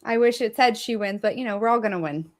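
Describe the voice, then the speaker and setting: A woman's voice: a little high, fast talker. A woman, a business growth strategist, giving an upbeat and polished introduction of her work as a guest on a live show.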